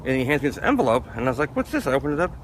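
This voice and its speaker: A man's voice: medium pitch, very fast, slight background noise. A man from Florida who works as an artist, telling stories in an interview and acting out what other people said. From Florida, USA. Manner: animated, acts out other people's lines. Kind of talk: interview storytelling.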